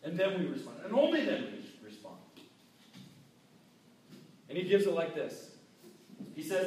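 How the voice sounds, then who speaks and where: A man preaching a casual, animated sermon with restarts, acting out quoted voices. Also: high voice, measured pace, pauses often, a little hiss or hum. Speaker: pastor. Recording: very echoey hall, mic far off.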